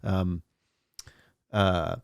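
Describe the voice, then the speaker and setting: A man's voice: sits low, steady tone, drawn-out words, vocal fry, smooth, dry recording, studio quality. A man hosting a live radio stream, chatting casually and telling a rambling, profane, jokey story full of silly acted-out voices.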